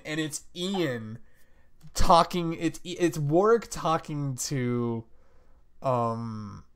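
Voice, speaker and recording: A man's voice: a little high, extremely slow, smooth. A man co-hosting a casual podcast about anime, talking with enthusiasm, swearing freely and acting out lines he quotes. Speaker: podcast co-host.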